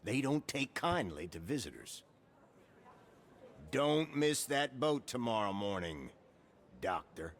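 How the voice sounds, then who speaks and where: An actor playing a shrewd, threatening small-town sheriff in a video game, with a slow drawl. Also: male voice, medium pitch, big pitch swings. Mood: menacing. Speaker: game character.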